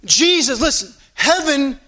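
A man's voice: very high voice, animated, unhurried, bright, forceful tone, a little hiss or hum. A man preaching a sermon to his congregation, fervent and repetitive, stretching out key phrases for emphasis. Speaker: pastor.

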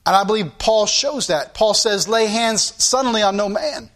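Pastor, man, high voice, earnest sermon delivery with playful sound effects. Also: normal speed, a bit bright. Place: church.

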